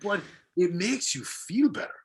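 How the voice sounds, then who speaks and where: A young man with a high, sing-song voice speaks unhurriedly as a voice-acting guest on a podcast, over a little hiss or hum. Chatting casually, he eagerly illustrates his craft with examples, using many fillers and restarts.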